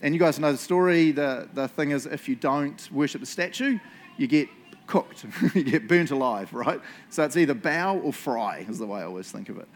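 A man's voice: mid-range voice, expressive, a little fast, hardly any pauses. A man leading a casual Bible study for a group indoors, chatty and jokey, asking the room questions. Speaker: youth or Bible study leader.

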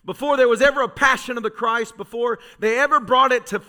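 Pastor guy preaching in church, really high voice, fired up, gets quiet then yells. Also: fairly quick. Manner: fervent, storytelling preacher who swings from soft to shouting. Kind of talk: sermon. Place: church sanctuary.

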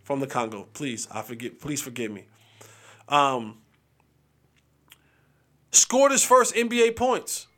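A young adult man hosting a casual sports podcast, joking, animated and restarting his sentences often. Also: mid-range voice, takes it slowly, long pauses. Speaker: podcast host.

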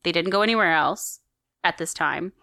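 A woman's voice: fairly low pitch, normal speed, creaky, pushed and bright, dry recording, clean studio sound. A woman co-hosting a podcast, chatting enthusiastically as she tells a story with lots of fillers. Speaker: podcast co-host telling a story. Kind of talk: casual storytelling chat.

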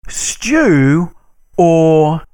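Co-host guy, tipsy, higher voice with a bouncy swinging delivery, mock-offended. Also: big pitch swings, drawn-out words, dark tone, clear, resonant tone. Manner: playful, laughing, mock-outraged. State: drunk. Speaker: podcast co-host. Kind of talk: casual chat.

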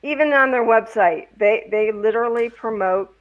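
A woman in casual conversation, agreeing and speaking in a halting way. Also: fairly high pitch. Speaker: conversation partner. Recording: dull, lo-fi sound.

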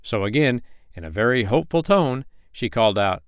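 A man reading a bedtime story aloud as a podcast host, with gentle, expressive storybook narration. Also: mid-range voice, brisk, smooth, no echo.

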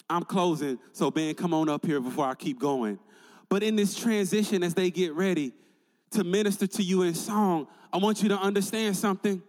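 A man's voice: high voice, normal speed, darkish tone, long reverb tail. A male pastor preaching a sermon in an emphatic, conversational way, building points through repetition.

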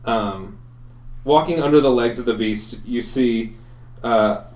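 A young man narrating as game master, in a halting way with many pauses and fillers. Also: medium pitch, darkish tone, reverberant. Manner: halting, full of ums and likes.

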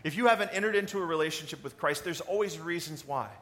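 A man preaching a sermon in a conversational, animated way, asking the congregation questions. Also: fairly high pitch, fast talker. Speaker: pastor.

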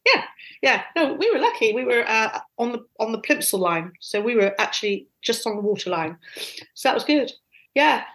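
A woman casually telling animated, self-deprecating stories from her past. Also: on the high side, moderate pace, poor audio. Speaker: guest storyteller.

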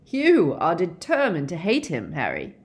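Woman voicing a weary, gentle werewolf man. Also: lowish voice, huge pitch swings. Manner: measured, gentle, reasoning. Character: calm weary middle-aged male werewolf teacher. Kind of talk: audiobook character reading.

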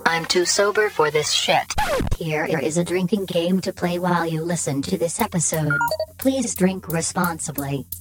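A woman's voice: lowish voice, moderate pace. A woman announcer reading a scripted podcast intro in a dry, sardonic way. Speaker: show announcer. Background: music.

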